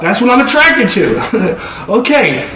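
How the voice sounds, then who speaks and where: A man preaching a testimony in a rambling way, repeating words as he restarts. His voice sits high. The recording is echoey, with a faint background hiss. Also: very animated, slow pace, bright, forceful tone. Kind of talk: sermon testimony. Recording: echoey room with faint noise.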